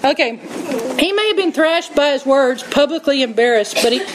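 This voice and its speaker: A woman preaching a sermon, telling stories in an animated way and acting out quotes. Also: sits high, normal speed, background noise. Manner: animated storytelling, acts out quotes, laughs often.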